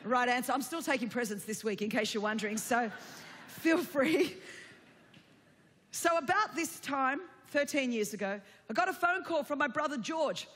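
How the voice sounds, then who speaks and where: A woman's voice: sits high, expressive, moderate pace, fairly bright tone, in a large hall. A woman, telling a personal story from the pulpit in a chatty, humorous sermon. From Australia. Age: 40s. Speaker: preacher.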